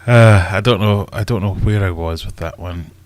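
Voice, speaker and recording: Scottish male host, low voice, loose self-mocking live-stream chatter. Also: normal speed. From Scotland. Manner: rambling and self-mocking, thinks aloud. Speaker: aquarium channel host. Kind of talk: casual live-stream chat.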